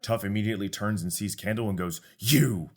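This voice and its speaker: A man narrating as game master of a tabletop game, relaxed and descriptive. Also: fairly low pitch, fast.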